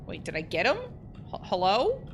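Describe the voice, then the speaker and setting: A woman commenting on her gameplay as host, chatting to the game's characters and yelping loudly when startled. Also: medium pitch, huge pitch swings, moderate pace, very noisy. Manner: chatty, talks to game characters, startled into loud yelps. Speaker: let's play host. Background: game music and gunfire.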